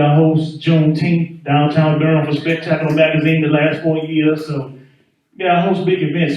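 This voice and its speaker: A man's voice: on the high side, background noise. Male comedy host, loose patter. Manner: loose, self-promoting patter. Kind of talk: stand-up hosting. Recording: echoey room from far off.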